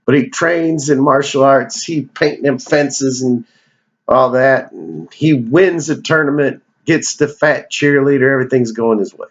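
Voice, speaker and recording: A man's voice: medium pitch, a little slow, highs cut off. A man giving a casual, rambling movie countdown, joking and cursing as he goes off on tangents. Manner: digressive, profane, joking. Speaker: movie review vlogger.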